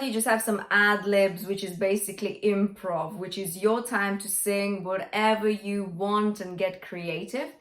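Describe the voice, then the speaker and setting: A young adult woman vocal coach giving a singing lesson, encouraging and breaking into sung examples. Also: mid-range voice. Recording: roomy echo.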